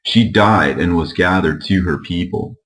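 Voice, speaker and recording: A man narrating an old religious text in a measured, steady reading. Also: sits low, poor audio. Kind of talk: scripture reading.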